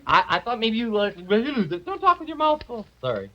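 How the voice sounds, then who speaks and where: A man's voice: high-pitched, wildly swooping pitch, normal speed. A good-natured, boastful dragon puppet, rattling off salesman patter with chuckles. His voice swoops up and down freely. The sound is dull and lo-fi, like an old 1950s TV broadcast. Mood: chatty salesman. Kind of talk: 1950s live TV puppet comedy.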